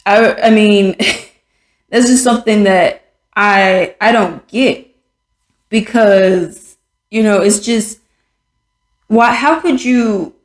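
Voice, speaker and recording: A woman hosting a podcast, speaking frankly and with exasperation in casual commentary, with many fillers and restarts. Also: mid-range voice. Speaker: podcast host. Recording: echoey room.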